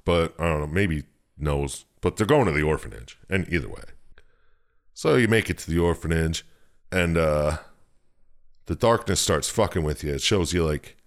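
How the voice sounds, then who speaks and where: A man's voice: very deep voice, moderate pace. A young man casually recapping a video game plot, swearing freely and acting out the characters as he goes. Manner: animated storytelling, swears freely, acts out characters. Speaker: podcast co-host.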